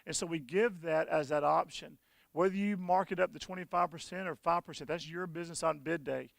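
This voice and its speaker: A man's voice: on the high side, fairly quick, gravelly, a bit bright, dry recording. A man giving a folksy, conversational sales presentation to an audience at a conference session.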